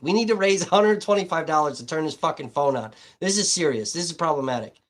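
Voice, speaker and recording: A man with a slightly high voice rambles through a casual livestream, swearing freely and talking straight to his chat viewers. He sounds hot and worn out by thirst. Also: expressive, fast, fairly bright tone. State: hot and dehydrated.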